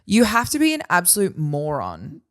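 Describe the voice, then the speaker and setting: A woman's voice: fairly low pitch, huge pitch swings, normal speed. A woman guest on a podcast, talking bluntly in casual chat and swearing freely.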